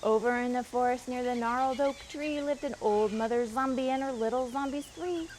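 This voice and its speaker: A woman, a children's librarian, reading a picture book aloud at storytime with expressive voices and asides to the children. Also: on the high side, moderate pace, a little hiss or hum, rough recording.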